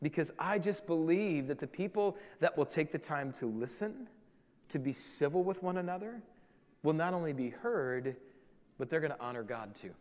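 High-voiced pastor preaching in a reverberant hall. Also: male voice, lively intonation, moderate pace, a little mellow. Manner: earnest, repeats key phrases for emphasis. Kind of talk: sermon.

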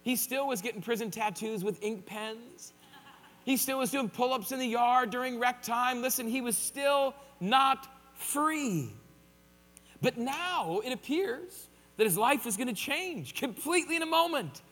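A man's voice: extremely high pitch, lively intonation, unhurried, fairly bright tone, in a large hall. A man preaching a sermon in a conversational way, with joking asides. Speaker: pastor.

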